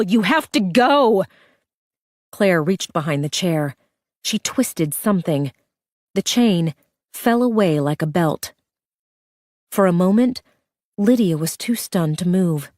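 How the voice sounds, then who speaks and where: A woman's voice: fairly low pitch, darkish tone, no echo, clean studio sound. A woman narrating a thriller audiobook with a tense, urgent reading.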